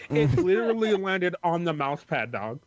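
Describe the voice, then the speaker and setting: A man's voice: a little high, big pitch swings, normal speed, lo-fi sound, noisy background. A man co-hosting a podcast in casual chat, joking bluntly and swearing a lot.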